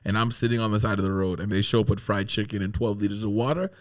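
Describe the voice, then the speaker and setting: A man, a guest on a podcast, telling a story in a casual, animated way, often laughing through it and swearing freely. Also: lowish voice, quick pace.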